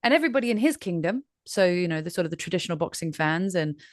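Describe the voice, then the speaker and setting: A woman's voice: fairly low pitch, lively intonation, fast talker, dry recording, clean studio sound. A woman from Ireland hosting an interview, talking animatedly and acting out voices as she tells a story. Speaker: host. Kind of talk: conversational interview.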